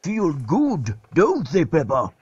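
A woman's voice: low voice, wildly swooping pitch, slow pace, darkish tone, no room sound, dull audio, full character voice. A woman with a Scottish accent voicing a crude, mouthy cartoon mother in a parody dub. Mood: brash. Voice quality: gravelly, coarse.

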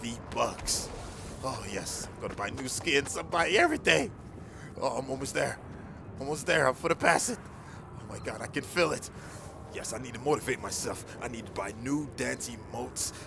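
A man narrating his own gameplay as a melodramatic skit, pepping himself up and swinging between hushed worry and shouting. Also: mid-range voice, expressive, normal speed, creaky, noisy background. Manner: over-the-top dramatic self pep talk, swinging from hushed to shouting. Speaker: gaming YouTuber. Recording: roomy sound with music behind.

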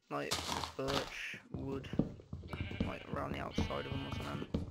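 A man's voice: mid-range voice, very animated, normal speed, gravelly, over loud music. A young man with a groggy morning voice giving casual gameplay commentary, half-talking to himself and trailing off. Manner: mumbling to himself while playing, trailing off. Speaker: gaming video host. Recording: loud background noise over the voice.

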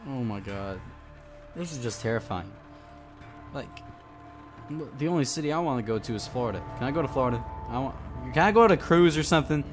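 A man's voice: medium pitch, lively intonation, brisk, music in the background. A young man commentating a horror game, easily scared and yelping when startled. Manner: jumpy, yelps and shouts when scared. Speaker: gamer playing a horror game. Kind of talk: casual let's play commentary.

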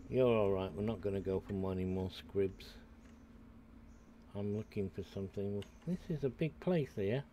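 Slow, mellow older British man. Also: fairly low pitch, slight background noise. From United Kingdom. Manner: rambling, chatty, talks to himself and viewers. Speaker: streamer. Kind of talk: casual gameplay commentary.

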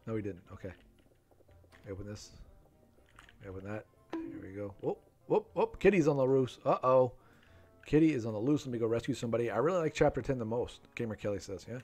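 A man's voice: mid-range voice, animated, fast talker, long pauses, darkish tone, soft background music. Chatty man streaming a live game. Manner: chatty, reads viewer names from chat.

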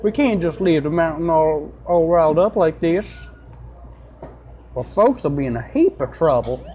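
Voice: medium pitch, animated, normal speed, warm tone, slight background noise, natural voice, low-quality recording. A player voicing a folksy, swaggering cowboy fossil-fighting champion with a put-on country twang. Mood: boisterous.

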